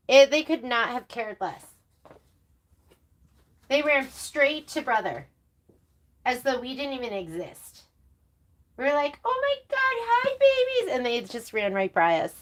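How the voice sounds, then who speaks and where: A woman presenting a sewing stream from her home sewing room, chatting in a rambling way with laughing asides. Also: high voice. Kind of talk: casual livestream chat.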